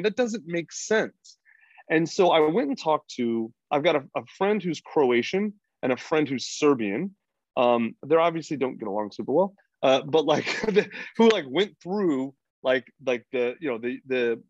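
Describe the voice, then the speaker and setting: A man's voice: mid-range voice, no echo. Blunt, profane man on a podcast. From United States. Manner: blunt, profane and rambling, with many restarts. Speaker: podcast guest. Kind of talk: freewheeling casual conversation. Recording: dry, dull lo-fi sound.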